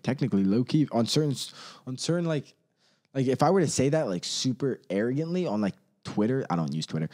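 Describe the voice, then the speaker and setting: A man ranting casually on his own, rambling and profane, laughing often and quickly mimicking others. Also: lowish voice, dark tone. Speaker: solo commentator.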